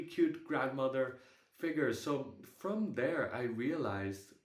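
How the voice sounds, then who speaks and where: A young man on a video call tells a personal story in a candid, halting way. He swears casually as he talks, and his voice sits at an ordinary pitch. The sound has a roomy echo. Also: lively intonation. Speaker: group call participant.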